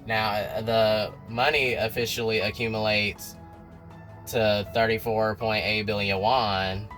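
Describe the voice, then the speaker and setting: A man recapping a TV episode in a slangy, animated storytelling way, talking straight to his viewers. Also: on the low side, unhurried, faint music behind. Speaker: TV recap vlogger.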